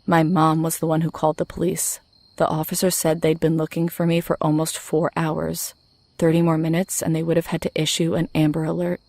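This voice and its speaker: In a low, flat voice roughened by a gravelly rasp, a woman reads a horror story at a brisk pace. Her steady delivery sounds scripted, and the close, dry recording has no echo.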